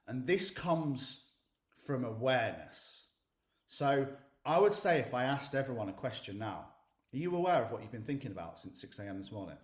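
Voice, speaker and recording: Blunt man coaching, roomy sound. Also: mid-range voice. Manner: blunt, swears freely, emphatic. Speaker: mindset coach. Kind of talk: motivational coaching session. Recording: roomy echo.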